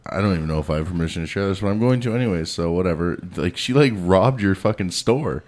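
A man's voice: low voice, expressive, fast, a little mellow. A man co-hosting a casual podcast, cracking jokes and chiming in with laughs. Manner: joking, laughing interjections. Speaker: podcast co-host. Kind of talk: casual chat.

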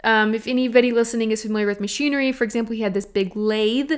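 A young woman from Texas talks through her solo podcast. She sounds chatty and earnest, speaking straight to her listeners in a voice that sits a little high. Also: steady tone, very fast, smooth. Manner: warm, chatty and earnest, addressing listeners directly. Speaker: podcast host. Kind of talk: casual solo podcast talk.

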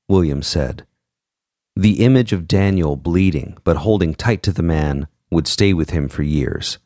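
A man narrating an audiobook in a measured, expressive way, voicing each character. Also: sits low, no room sound, studio quality.

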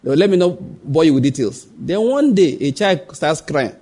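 A man preaches a sermon in a fairly high, husky voice. He keeps asking the congregation rhetorical questions and drops into the voices of the people in his family stories. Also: big pitch swings, moderate pace, mellow. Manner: acts out quoted voices. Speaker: pastor.

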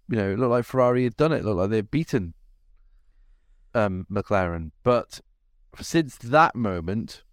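A man's voice: medium pitch, dry recording, clean studio sound. A man from England co-hosting a motorsport podcast, talking in a rambling, reflective way with many fillers. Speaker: podcast co-host. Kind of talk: casual chat.

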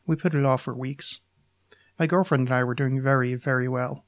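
A podcast host reading his own short story aloud in an even, measured way. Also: mid-range voice.

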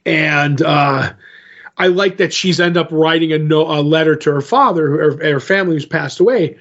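A podcast co-host, a man with a somewhat high-pitched voice, talks through a comic book plot in a loose, rambling way. He keeps slipping into the characters' lines with "he's like" and "she's like." The recording sounds dull and lo-fi. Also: moderate pace, fairly bright tone. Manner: rambling retelling, acts out quotes with "he's like". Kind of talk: casual comic book recap.

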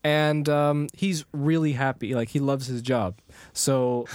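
A man's voice: mid-range voice, flat delivery, slow, no room sound, clean studio sound. A man co-hosting a podcast, telling a rambling story in casual chat, with frequent restarts and laughter. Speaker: podcast co-host.

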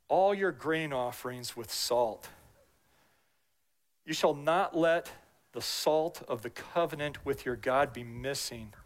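Man preaching a conversational sermon. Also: a little high. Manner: conversational preaching with repeated phrases and asides. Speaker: pastor.

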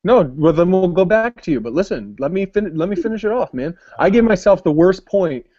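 A man's voice: high-pitched, animated, brisk, dry recording. Joking man in a dry recording. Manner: joking, rambling. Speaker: podcast co-host. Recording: dry, dull podcast audio.

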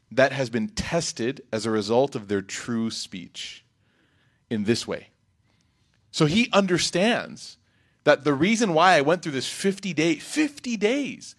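A man giving an Islamic reminder talk in a lively, rhetorical way, breaking into quick Arabic recitation. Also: fairly high pitch. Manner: animated, rhetorical, acts out quotes. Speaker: religious speaker.

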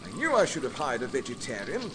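A man's voice: mid-range voice, wildly swooping pitch, fast talker, over loud music. A man playing a pompous, easily offended polar expedition captain in a comic history sketch. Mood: exasperated. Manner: indignant, stiff-upper-lip bluster.

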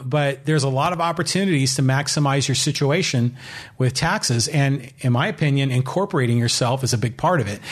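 A man hosting his own solo podcast, talking in an opinionated, rambling way with many fillers. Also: medium pitch. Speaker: podcast host.

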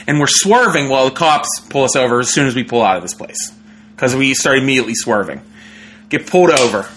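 A young man, a comedian, telling a story in a casual, animated way, with lots of fillers and laughter. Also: medium pitch, fast talker, slight background noise. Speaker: comedian guest.

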